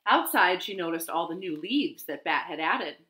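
Animated woman reading a storybook to kids. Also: on the low side. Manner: animated, slow and expressive. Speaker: children's storytime host. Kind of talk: reading aloud to young children. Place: living room.

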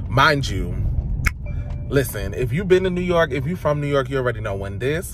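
A man's voice: mid-range voice, moderate pace, a little hiss or hum. A tired man with allergies, chatting casually to camera in a vlog. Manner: chatty, animated, expressive. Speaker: vlogger. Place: home, then out and about.

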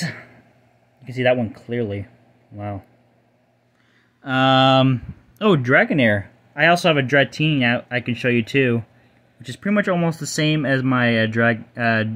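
A man's voice: medium pitch, a bit bright. Rambling, foul-mouthed young man. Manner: rambling, profane, stumbles over names. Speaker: channel host. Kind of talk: casual card collection showcase.

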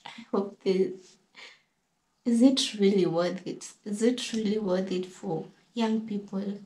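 A woman vlogger, tearful and halting, speaking emotionally to her viewers. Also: mid-range voice, fairly even intonation, darkish tone. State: tearful, holding back crying. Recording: echoey room.

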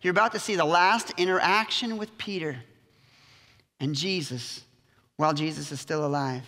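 A man preaching a sermon as pastor, telling the story in a lively way and acting out the quotes. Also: fairly high pitch, moderate pace. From United States. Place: church sanctuary. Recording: reverberant church hall.

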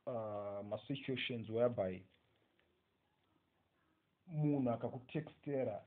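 A man with a Zimbabwean accent gives an English lesson on punctuation, dictating slowly and often checking with "okay?". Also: mid-range voice. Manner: slow, dictating phrases, frequent "okay?" checks. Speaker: English teacher. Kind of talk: recorded exam-prep lecture. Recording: tinny phone-like audio.

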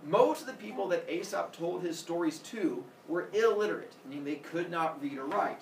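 A man teaching a class, telling a fable in an animated, playful way. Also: fairly high pitch, normal speed, vocal fry, a little hiss or hum. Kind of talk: classroom storytelling. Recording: echoey classroom, distant mic.

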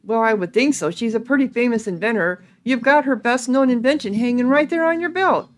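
A woman's voice: on the high side, fairly quick, lightly acted. A woman voicing a brash female ghost hunter from a video game, talking in a blunt, folksy way.

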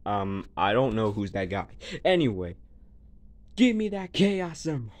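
An amateur performer voicing all the characters of a homemade fan drama, excitable and full of exclamations and hesitant fillers. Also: medium pitch, measured pace.

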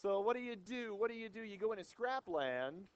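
Young guy teaching math to a class, cracks jokes nonstop, high smooth voice. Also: lively intonation, fairly quick, dry recording, highs cut off. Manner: playful, wisecracking, theatrical. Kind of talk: jokey classroom lecture. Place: classroom with students. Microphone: old microphone.

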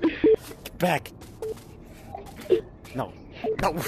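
A woman gamer in a headset giving excitable VR gameplay commentary, often shrieking when chased. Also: on the low side, very slow. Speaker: gaming channel host. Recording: loud game noise behind voice.

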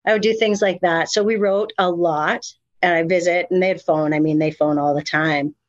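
A middle-aged woman telling her story as an interview guest, candid and animated, with many fillers and restarts. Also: fairly low pitch, moderate pace, no echo, muffled recording. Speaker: guest, mother of incarcerated sons. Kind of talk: emotional personal storytelling.

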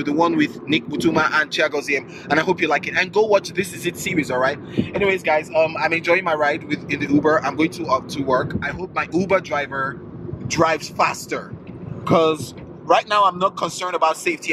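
A young man with a Nigerian accent giving animated, incredulous opinions in a casual vlog, talking from the back of a car. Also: sits high, noisy background. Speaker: vlogger.

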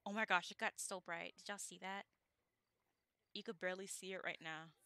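A woman hosting a game let's play, talking through it in an excitable, gushing way. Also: on the low side, a little fast, no room sound. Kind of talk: casual gameplay commentary.

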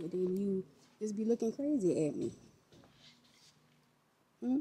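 A woman's voice: mid-range voice, lively intonation, unhurried, dark tone, a little hiss or hum. A woman in a store, talking to a child in short, repeated bits and calling her baby. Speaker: vlogger pranking her goddaughter. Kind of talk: casual vlog talk to a child. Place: inside a store.

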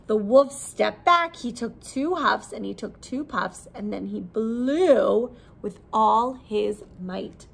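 A woman reading a picture book aloud to preschoolers as their teacher, gently asking questions and encouraging the children. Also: on the high side, slow pace, creaky, few pauses, breathy edge, rough recording. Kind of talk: storytime read-aloud.

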